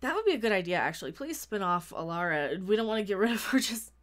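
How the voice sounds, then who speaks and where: A woman reviewing a TV episode in a gushing, excited, casual way, often restarting her sentences. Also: mid-range voice, quick pace. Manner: gushing, animated, many restarts and "oh my God".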